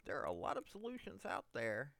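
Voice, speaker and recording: A man delivering an unscripted political monologue, emphatic, addressing his listeners as ladies and gentlemen. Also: a little high, huge pitch swings, brisk, gravelly, no room sound. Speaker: political commentator.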